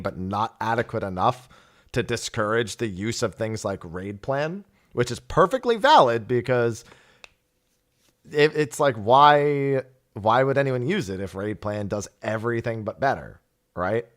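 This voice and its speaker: Guy hosting a podcast, medium voice, lots of up and down, laughs a bunch. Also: mid-range voice. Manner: animated, laughs often. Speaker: podcast host. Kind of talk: casual chat.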